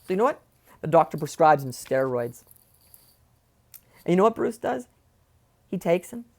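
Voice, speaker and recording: A man's voice: on the high side, sing-song, moderate pace, vocal fry. A man sits at home with headphones on and tells a family story straight into a close mic. He talks with heated indignation, firing off rhetorical questions, stumbling into repeats and swearing as he goes. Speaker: vlogger telling a family story. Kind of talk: agitated personal storytelling. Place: at home, seated in a chair. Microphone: wearing headphones, close mic.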